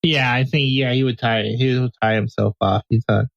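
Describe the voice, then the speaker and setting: Gravelly player on a dull lo-fi mic. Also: medium pitch, steady tone, moderate pace, dry recording. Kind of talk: casual tabletop game talk.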